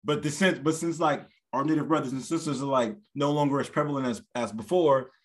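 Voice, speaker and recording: A man co-hosting a podcast in casual chat, animated and given to acting out other people in a high voice. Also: fairly quick. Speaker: podcast co-host; stand-up comedian.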